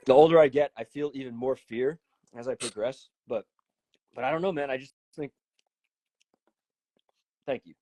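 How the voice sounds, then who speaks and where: A man hosting a casual chat, talking in an animated, profane, rambling way full of fillers. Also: medium pitch, normal speed, long pauses. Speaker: host.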